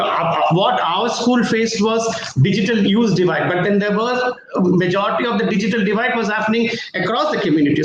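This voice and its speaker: A man speaking earnestly as a school principal on a panel, pausing often with fillers. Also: sits high. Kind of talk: panel talk. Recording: very echoey room with faint noise.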